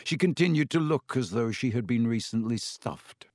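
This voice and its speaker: Animated male audiobook narrator, dry. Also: medium pitch, moderate pace, dry recording. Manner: animated, varied character voices. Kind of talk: expressive audiobook reading.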